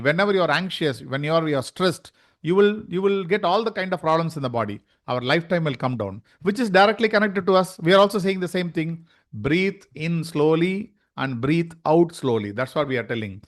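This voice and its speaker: A man, teaching yoga in an online lecture and asking rhetorical questions as he explains. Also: on the high side.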